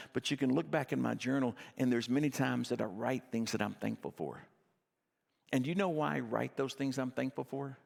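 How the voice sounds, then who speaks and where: A man's voice: medium pitch, gravelly, in a large hall. A middle-aged man preaching a sermon as pastor, telling stories in a conversational, self-deprecating way.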